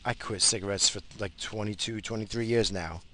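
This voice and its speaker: A man talks loosely and profanely, rambling from topic to topic as he drives. His voice is bright and forward. Faint noise from the car sits behind him. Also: on the low side, steady tone, brisk, poor audio. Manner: profane, blunt, bursts of road rage. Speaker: podcast host. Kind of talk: casual rambling monologue. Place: in a car while driving.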